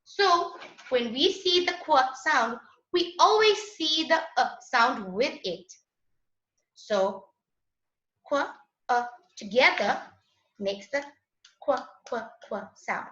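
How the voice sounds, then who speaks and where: A woman's voice: high-pitched, lively intonation, measured pace, pushed and bright. A woman teaching a children's phonics lesson in a patient, sing-song voice. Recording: echoey, dull lo-fi room sound.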